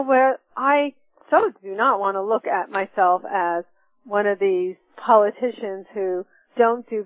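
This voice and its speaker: Speaking in a medium pitch, a middle-aged woman reflectively guides listeners through the steps of forgiveness, drawing on her own experiences with earnest sincerity. The audio is dry, echo-free and tinny like a phone call.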